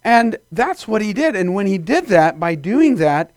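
A man's voice: high voice, sing-song, a little slow, no room sound. A man preaching a sermon to a congregation in a conversational, playful way, acting out little scenes in put-on voices. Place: church before a congregation.

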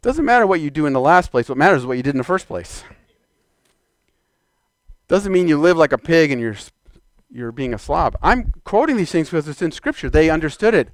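Fervent high-voiced preacher shouting declarations. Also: male voice, big pitch swings, a little fast, no echo, studio quality. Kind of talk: sermon. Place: church.

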